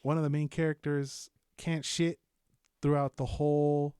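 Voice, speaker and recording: A young man co-hosting a podcast, chatting casually about shows with lots of swearing and animated storytelling. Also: fairly high pitch, a little slow, clean tone, dry recording, clean studio sound. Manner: animated, profane, loud bursts of laughter-filled storytelling. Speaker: podcast co-host. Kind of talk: casual chat, reviewing shows.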